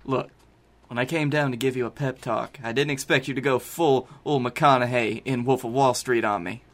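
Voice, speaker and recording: A man's voice: mid-range voice, fairly even intonation, normal speed. A man co-hosting a podcast, reading his part of comic fan fiction in a blunt, profane way. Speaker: podcast co-host.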